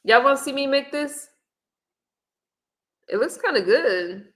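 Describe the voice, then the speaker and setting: A middle-aged woman hosting a casual livestream, chatting in a relaxed way and reading viewer comments and recipes aloud. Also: high voice, measured pace. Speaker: livestream host. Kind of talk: casual live-stream chat. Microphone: webcam or phone on camera.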